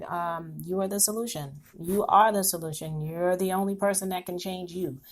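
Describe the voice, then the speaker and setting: A woman's voice: mid-range voice, a little mellow. A woman podcast host giving an encouraging motivational talk, with preachy repetition.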